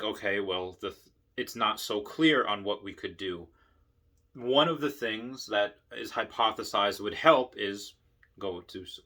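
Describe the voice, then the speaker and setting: Excitable man with a bright voice. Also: on the low side. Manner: excitable and rambling, many restarts. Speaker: investing vlogger. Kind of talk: casual monologue.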